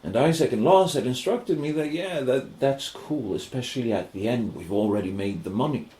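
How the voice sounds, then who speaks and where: Animated storytelling man, echoey room. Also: medium pitch, normal speed. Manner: animated, swearing, acts out quoted voices. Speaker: podcast co-host. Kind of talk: casual storytelling chat.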